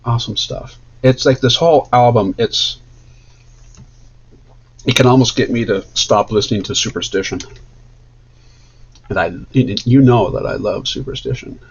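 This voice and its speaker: A man's voice: mid-range voice, normal speed, pauses often, slightly rough, dull audio. A man streaming casually while he draws, chatting in an enthusiastic, rambling way. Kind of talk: casual chat while drawing.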